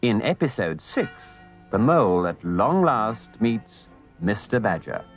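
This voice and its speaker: A man narrating a children's storybook with gentle, expressive delivery. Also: fairly low pitch, slow, music in the background.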